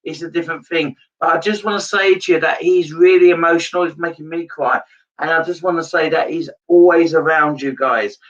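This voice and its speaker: Higher-voiced man giving a halting live reading. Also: fairly even intonation, fairly bright tone, recorded from a distance, muffled recording. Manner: halting, repeats his phrases, turns emotional. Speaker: psychic medium. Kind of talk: live-streamed reading to viewers.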